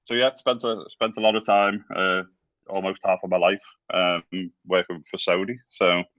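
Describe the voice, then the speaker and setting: A man's voice: low voice, level tone, normal speed, a bit bright, no room sound, lo-fi sound. A man in his forties with a Scouse accent, a guest on a podcast, talking hesitantly with many ums and restarts. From England. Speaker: guest, former game developer. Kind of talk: casual interview talk.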